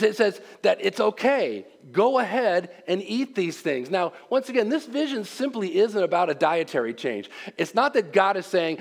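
A man preaching a conversational sermon, repeating phrases and shifting between quick and slow delivery. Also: high voice. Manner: conversational, repeats himself, speeds up and slows down. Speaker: pastor.

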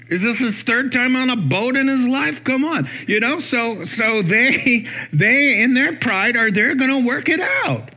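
A male pastor preaching a conversational sermon, animated, with playful asides and acted-out quotes. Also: very high-pitched, measured pace, few pauses, muffled recording.

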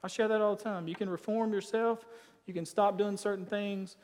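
A man preaching a sermon as pastor, emphatic, swinging between loud declarations and quiet asides. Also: high-pitched, fairly even intonation, moderate pace, big-room sound.

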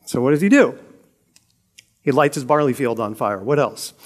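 A man's voice: mid-range voice, lively intonation, normal speed. A middle-aged man teaching a Bible story in a casual, conversational way, joking and laughing as he retells it. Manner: conversational, jokey, laughs often.

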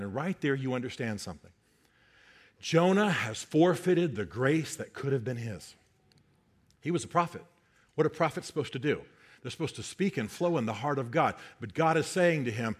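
A man's voice: mid-range voice, lively intonation, moderate pace, husky. A man preaching a sermon, emphatic, often repeating key phrases for effect. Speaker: pastor.

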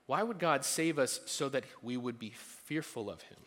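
Bright-voiced pastor preaching in a reverberant hall. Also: male voice, medium pitch, moderate pace. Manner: animated, playful asides and acted-out voices. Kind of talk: sermon. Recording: long reverb of a large hall.

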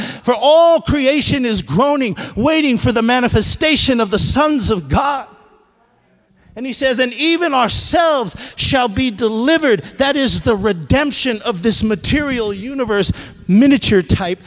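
A male pastor preaching a sermon, swinging between shouted climaxes and hushed asides. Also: extremely high pitch. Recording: long hall reverb.

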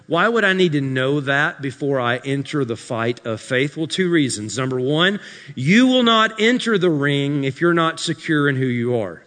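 A pastor preaching a sermon to his congregation, building to shouted peaks and dropping into dry, sarcastic asides. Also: on the high side, animated, moderate pace. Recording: live sermon in a reverberant hall.

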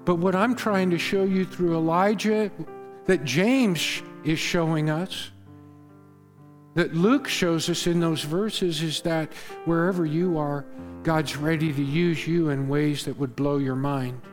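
A man preaching a sermon as pastor, earnest, rising to loud emphasis and dropping to hushed tones. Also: a little high, takes it slowly, big-room sound, soft background music. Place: church sanctuary.

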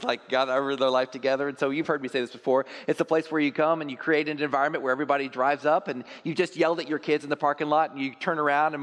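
A male pastor preaching a sermon to his church, animated, sometimes mimicking churchgoers in high put-on voices. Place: church sanctuary. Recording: long reverb of a large hall.

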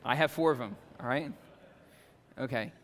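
A male pastor preaching a conversational sermon, animated, with frequent "okay?" and "right?" asides to the congregation. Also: medium pitch, normal speed, big-room sound. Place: church sanctuary.

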